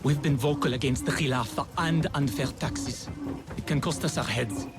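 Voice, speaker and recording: A man's voice: mid-range voice, moderate pace, close to an everyday voice. An actor playing a grave male game character who speaks out against corruption, in a formal manner. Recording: game audio with clear music underneath.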